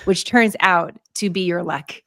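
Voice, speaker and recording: Low-voiced woman interviewer, dry sound. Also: unhurried, fairly bright tone, no room sound. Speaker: interviewer host. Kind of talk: warm conversational interview.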